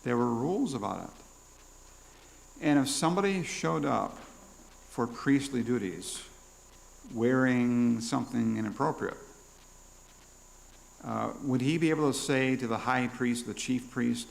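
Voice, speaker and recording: A man's voice: medium pitch, measured pace, vocal fry, pauses often, poor audio. A man preaching a sermon as pastor, teaching through questions and acting out quoted prayers. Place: church.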